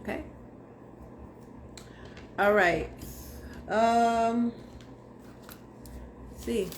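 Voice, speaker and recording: A woman's voice: fairly high pitch, very slow, slight background noise. A young woman giving a casual tarot reading to camera, blunt, slangy and profane as she talks straight to viewers. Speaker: tarot reader.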